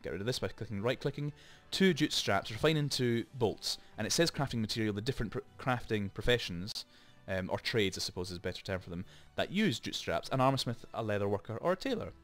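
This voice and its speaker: Low-voiced man talking through a game. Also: lively intonation, fast, hardly any pauses, a bit bright, soft background music. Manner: chatty, rambling explanations with frequent asides. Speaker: gaming channel host. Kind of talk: let's play commentary. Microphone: desk microphone.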